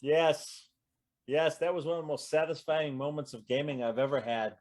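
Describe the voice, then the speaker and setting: A man guest in an audience Q&A, telling animated gaming stories in casual chat and acting out what others said. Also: a little high, moderate pace. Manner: lively storyteller, acts out quoted voices, trails off mid-sentence.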